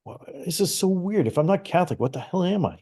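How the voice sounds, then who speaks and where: A middle-aged man from Canada, a guest on a conversational show, telling a personal story in a lively, animated way with frequent restarts. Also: sits high, fast talker. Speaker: guest psychic medium.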